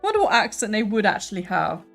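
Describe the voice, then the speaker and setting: A woman's voice: mid-range voice, sing-song, quick pace, creaky, a bit bright, soft background music. A woman co-hosting a casual painting livestream, teasing and giggly. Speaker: co-host.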